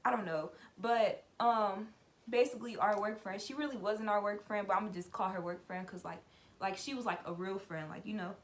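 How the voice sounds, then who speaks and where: A woman's voice: medium pitch, steady tone, fairly quick. A young adult woman vlogger telling a personal story in a loose, chatty way, often saying "like" and addressing her viewers as "y'all". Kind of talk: casual story time.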